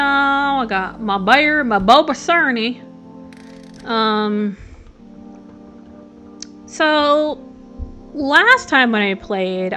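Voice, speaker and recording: A young woman chatting excitably through a let's play, often giggling. Her voice is bright and fairly high, swinging through a lively pitch range, and faint game music plays underneath. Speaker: gaming streamer.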